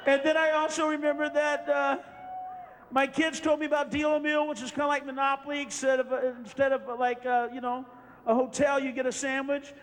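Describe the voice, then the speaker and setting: A comedian playing a tearful middle-aged woman on a weight-loss show who rambles with halting fillers. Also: extremely high pitch, flat delivery, fairly bright tone, a little hiss or hum, rough recording. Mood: weepy rambling.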